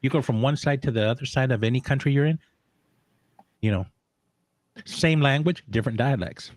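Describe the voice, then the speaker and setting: Lively storytelling man, dry close mic. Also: mid-range voice, normal speed, no room sound. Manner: animated storyteller, laughs often, many restarts. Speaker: co-host of a social media talk show. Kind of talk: casual chat.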